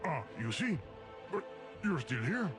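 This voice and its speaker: An anxious, exasperated talking game with a foreign accent, pleading excitably with the player. His high voice leaps up and down constantly over game music. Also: measured pace. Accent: foreign-accented English.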